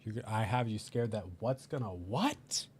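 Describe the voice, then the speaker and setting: Lively young man chatting over gameplay. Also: fairly low pitch, normal speed, a little hiss or hum. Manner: animated, talks to his game characters and voices their reactions. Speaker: gaming video creator. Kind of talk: casual gameplay commentary.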